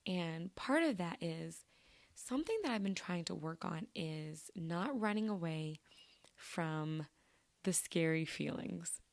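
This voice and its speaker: Woman host, young, slightly low voice; reflective, rambling solo chat. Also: animated, slow, vocal fry, dry recording. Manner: earnest, chatty, many fillers and restarts, laughs often. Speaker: podcast host. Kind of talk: reflective solo podcast talk.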